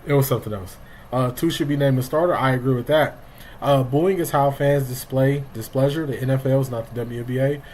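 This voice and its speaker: A middle-aged man hosts a loose, talkative live stream, calling out chat names as they come in. His voice sits at an ordinary middle pitch. A faint hiss runs underneath. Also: fairly even intonation, fairly quick, darkish tone, poor audio. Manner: greets chat viewers by name, loose and talkative. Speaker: livestream sports show host.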